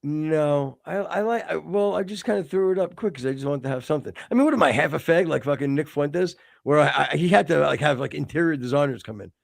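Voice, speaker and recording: A man's voice: on the high side, fast, gravelly, few pauses, no room sound, clean studio sound. A man in his fifties, co-hosting a podcast with crude, teasing banter and heavy swearing. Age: 50s. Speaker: podcast co-host.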